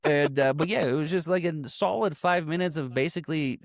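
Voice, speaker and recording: A man's voice: a little high, brisk, vocal fry, dry recording. A man casually recapping a comedy film, retelling scenes with acted-out quotes, swearing and laughing often. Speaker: podcast co-host. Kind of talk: casual movie recap chat.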